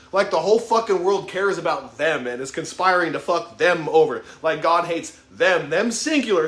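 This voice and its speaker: A man's voice: high-pitched, a bit bright, reverberant. A man in his thirties giving an impassioned motivational monologue, swearing heavily in a raw, emphatic way. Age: 30s. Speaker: vlogger.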